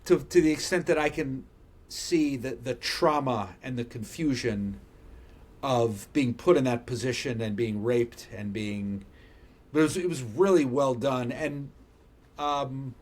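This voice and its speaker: A man's voice: medium pitch, a little slow, darkish tone. A man co-hosting a podcast, chatting loosely about TV shows, swearing freely and trailing off mid-thought. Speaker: podcast co-host. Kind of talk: casual chat.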